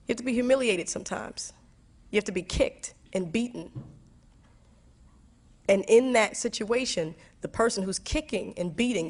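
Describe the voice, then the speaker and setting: A woman in her twenties speaking candidly to a school audience, reflective and playful, with many restarts, laughs and acted asides. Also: medium pitch. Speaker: guest speaker answering students.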